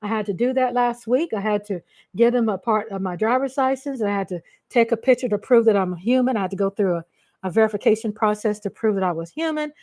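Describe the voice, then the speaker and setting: Her voice sits in the middle range, a little mellow, and she talks fast. She's a Texan woman chatting casually on her livestream, ranting with feeling straight to her audience.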